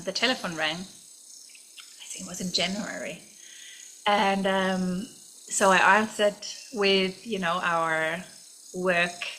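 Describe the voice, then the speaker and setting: A woman's voice: lowish voice, pushed and bright, a little hiss or hum, low-quality recording. A woman in her thirties from Germany, speaking, telling a personal story in a chatty way full of fillers and restarts. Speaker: vlogger.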